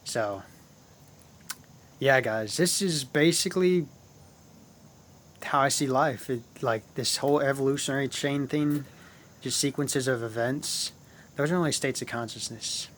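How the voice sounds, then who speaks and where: This man's voice sits at a medium pitch with a fairly bright tone, and he speaks unhurriedly, pausing often over a little hiss or hum. He hosts his own channel, rambling casually and at length about spiritual ideas, repeating phrases and calling his viewers "guys."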